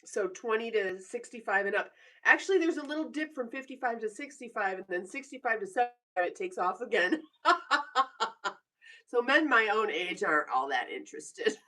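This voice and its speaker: A woman's voice: on the high side, expressive, brisk, bright, forceful tone, far from the mic. A woman in her forties chatting casually on a live stream from her bedroom, teasing viewers and laughing often as she reads their comments. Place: home bedroom.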